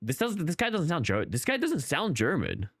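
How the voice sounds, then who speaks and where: A man's voice: fairly high pitch, huge pitch swings, normal speed, a bit bright, breathy edge, dry recording, clean studio sound. A man streaming a game who rambles through casual commentary, questioning himself and restarting his sentences often. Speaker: gaming streamer.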